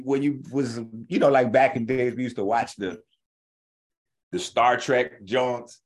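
A man hosting a health show, lecturing bluntly and profanely in a casual rant, slowing down to explain points step by step. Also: fairly low pitch. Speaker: host of a natural health show. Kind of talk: ranting casual commentary.

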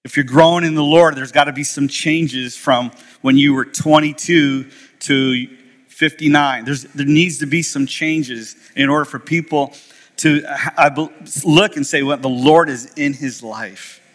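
A man's voice: a little high, fairly even intonation, measured pace, fairly bright tone, in a large hall. A middle-aged man preaching a sermon as pastor, telling a story conversationally and reading scripture aloud. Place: church.

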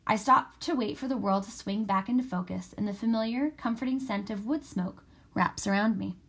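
A woman's voice: mid-range voice, moderate pace. Woman narrating an audiobook. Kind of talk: scripted first-person narration.

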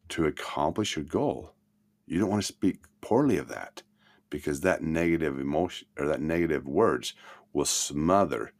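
A man teaching a self-help lesson in a motivational talk, swinging between loud emphasis and soft murmurs. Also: rumbling low.

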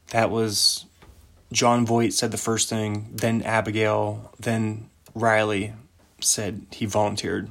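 A man's voice: fairly low pitch, flat delivery, slow pace, vocal fry. A man hosting a casual solo podcast, rambling, giggling often and poking fun at himself. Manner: giggly, rambling, self-mocking. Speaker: podcast host.

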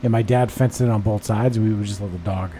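A man's voice: fairly low pitch, steady tone, quick pace, warm tone, slight background noise. A man hosting a podcast, teasing, profane and chatty in casual banter. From Boston area. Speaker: podcast host.

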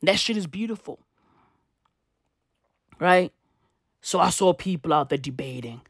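A man's voice: high-pitched, very animated, a little slow, long pauses, breathy edge, no room sound, clean studio sound. A man ranting comedically and profanely, full of slang and repeated rhetorical questions. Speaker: vlogger. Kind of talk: comedic rant. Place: in South Africa.

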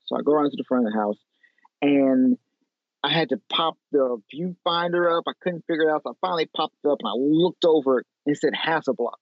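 A man's voice: fairly high pitch, fast talker, no room sound. Man telling stories over a tinny line. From Chicago, USA. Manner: animated, laughing, lots of fillers. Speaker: photographer guest. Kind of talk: casual storytelling interview. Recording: tinny phone-like line, dry.

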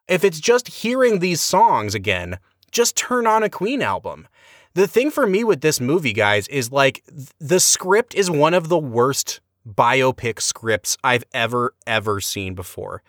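A man co-hosts a podcast, reviewing a movie in casual chat with animated, emphatic exasperation and big swings in pitch. The recording has clean studio quality with no echo.

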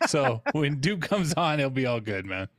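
A man's voice: mid-range voice, big pitch swings, moderate pace, fairly bright tone, no echo, clean studio sound. A man co-hosting a podcast, chatting casually, sarcastic and swearing freely. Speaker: podcast co-host. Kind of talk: casual chat.

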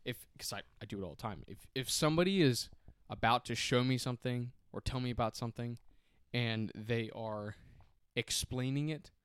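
A young man co-hosting a casual podcast, speaking at a middling pitch. He rambles, hedges with fillers and keeps correcting himself. The sound is dry and close, with no room around it. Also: normal speed, a bit bright, smooth, no room sound. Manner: rambling, hedging, self-critical. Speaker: podcast co-host. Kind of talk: casual chat.

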